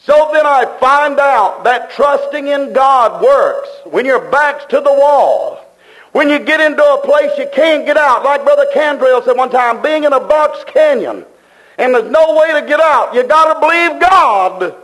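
Man preacher, very high voice, fervent and repetitive, folksy plain speech. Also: lively intonation, measured pace, a bit bright, low-quality recording. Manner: plain-spoken, folksy grammar. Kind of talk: sermon.

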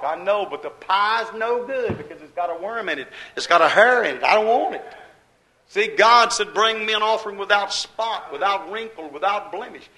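A male pastor preaching a fiery sermon, swinging from loud declarations to low asides. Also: expressive, normal speed, low-quality recording.

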